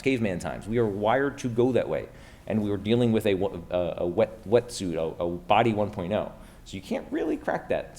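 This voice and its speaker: With a lowish, somewhat mellow voice, this Pennsylvania man keeps his conference keynote casual and upbeat. He addresses a live audience in the room and keeps throwing rhetorical questions their way.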